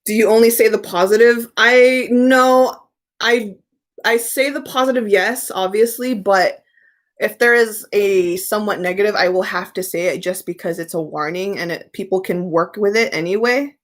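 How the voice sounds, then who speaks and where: A woman's voice: medium pitch, moderate pace. A young woman chats loosely on her live stream about tarot, reading out viewer questions as they come in. She answers frankly and easily, like she is talking with friends. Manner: chatty, candid, reads viewer questions aloud and answers them.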